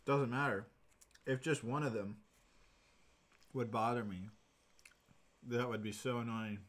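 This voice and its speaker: A man's voice: medium pitch, steady tone, a little slow, fairly bright tone. A man in his twenties hosting a livestream, telling a rambling story with lots of fillers. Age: 20s. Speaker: livestream host. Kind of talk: casual livestream chat.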